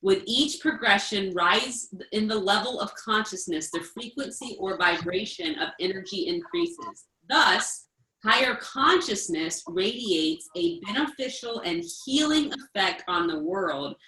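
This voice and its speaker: Bright woman reading aloud in an echoey room. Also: medium pitch, expressive, unhurried. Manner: reads passages then muses aloud with fillers. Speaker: group member reading aloud. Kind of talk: casual group discussion.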